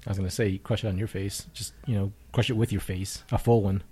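Male co-host, mellow husky voice, dry teasing banter. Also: lowish voice, steady tone. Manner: dry, teasing, quick to laugh. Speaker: podcast co-host. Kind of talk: casual banter.

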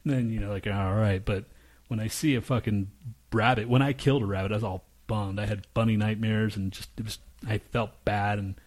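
A man's voice: fairly low pitch, steady tone, fairly quick. A man co-hosting a podcast in a studio, telling rambling, profane stories in casual chat. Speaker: podcast co-host.

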